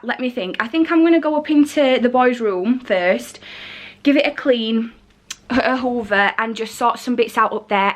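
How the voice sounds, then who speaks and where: Breathless pregnant woman vlogging. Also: fairly high pitch. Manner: chatty, rambling, breathless. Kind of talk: casual vlog chat. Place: home living room and nursery, indoors.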